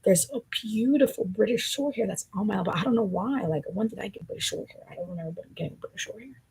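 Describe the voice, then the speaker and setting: A woman rambling through a conspiratorial stream commentary, her talk swinging between hushed asides and loud outbursts. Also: medium pitch, fast, rough recording. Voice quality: gravelly, raspy.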